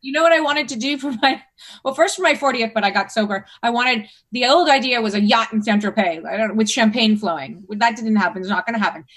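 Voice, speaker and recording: Woman in her forties, slightly high voice, candid guest who swears freely. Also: quick pace, fairly bright tone. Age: 40s. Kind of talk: casual chat.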